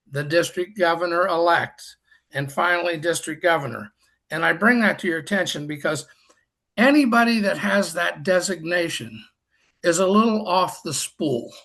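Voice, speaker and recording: This older former district governor spins homespun, self-mocking tales with a dry wit during a group video chat. He has a high, creaky, sharp-toned voice and speaks at a moderate pace.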